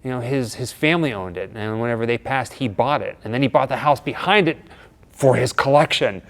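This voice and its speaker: A man telling a story in relaxed, chatty conversation. He speaks at an ordinary mid pitch and gets animated, playing out each line of dialogue as he goes. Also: fairly quick. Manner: animated, acts out quoted dialogue. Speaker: co-host of a horror vlog. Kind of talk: casual storytelling chat.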